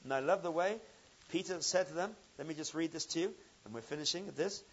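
A man preaching a sermon, telling a story with swings from loud emphasis to quiet intensity. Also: on the high side, quick pace, slightly rough, dull audio.

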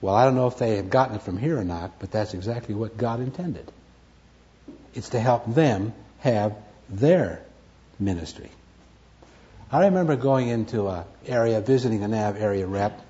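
A man's voice: fairly low pitch, moderate pace, dark tone. A man teaching a Bible study lecture, stressing key words, repeating them and asking and answering his own questions. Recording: dull lo-fi recording.

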